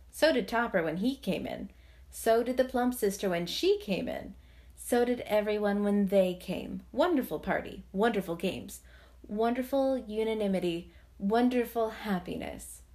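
Her voice a little high, a woman gives an expressive, measured reading of a classic novel for an audiobook.

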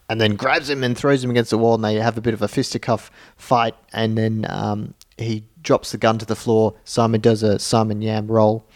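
A man's voice: on the low side, darkish tone. Laughing man retelling movie scenes. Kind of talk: casual film review chat.

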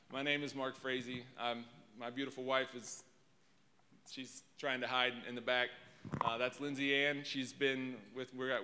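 A man, preaching as a guest speaker into a handheld mic, tearful and self-deprecating, rambling as he speaks. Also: mid-range voice. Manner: emotional, rambling, self-deprecating, warm to crowd. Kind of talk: sermon opening. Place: church sanctuary before a congregation. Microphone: handheld microphone. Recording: reverberant church hall.

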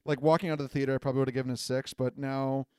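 A man co-hosting a podcast in relaxed casual chat, laughing often. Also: mid-range voice, rapid-fire, clean tone, dry recording, studio quality. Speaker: podcast co-host.

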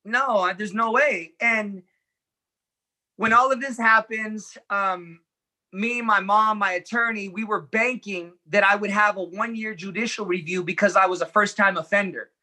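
Earnest man with a bright voice. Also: high-pitched, measured pace. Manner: earnest, animated retelling with quoted dialogue. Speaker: interview guest. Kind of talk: personal storytelling in conversation.

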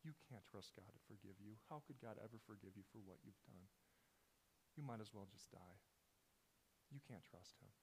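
Man playing a sly male devil, low coaxing murmur, hushed and sinister, long hall reverb. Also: normal speed, a little hiss or hum, close to an everyday voice. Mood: hushed scorn. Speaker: pastor.

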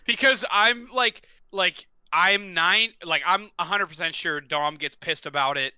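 A man's voice: sits high, unhurried, pushed and bright, clear, resonant tone, no room sound. A young man co-hosting a casual gaming podcast, rambling a little, laughing easily and swearing casually. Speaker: podcast co-host.

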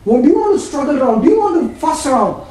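A man's voice: extremely high pitch, sing-song, fast talker, mellow. A man preaching a sermon, emphatic and full of repeated questions to his listeners. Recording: very echoey room, distant mic, faint ambience.

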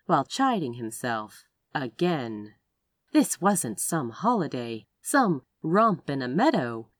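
Expressive low-voiced woman narrator. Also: no room sound. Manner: expressive narration with wide pitch swings. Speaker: audiobook narrator. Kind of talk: reading a romance story aloud.

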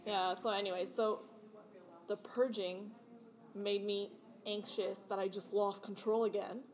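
A woman's voice: mid-range voice, level tone, unhurried. A woman in her late twenties, a podcast guest, telling a candid personal story in an emotional, rambling way with frequent laughter. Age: 20s.

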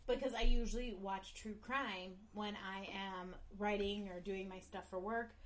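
A middle-aged woman co-hosting a casual podcast, bantering quickly, teasing and laughing often. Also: mid-range voice, steady tone. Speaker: podcast co-host. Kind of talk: casual chat.

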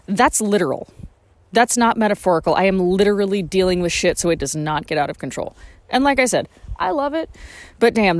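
A woman's voice: on the low side, dry recording. Sarcastic ranting woman podcaster. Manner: sarcastic, ranting, swears freely. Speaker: podcast host. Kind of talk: profane comic monologue. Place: small farm, barn.

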